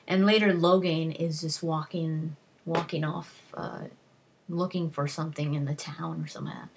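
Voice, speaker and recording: A woman's voice: low voice, steady tone, normal speed, a little hiss or hum. A woman casually summarizing a fantasy novel for her online review, rambling through the plot with lots of "like" and restarts. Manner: rambling retelling with frequent "like" and restarts. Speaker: book reviewer. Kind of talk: casual spoken book summary.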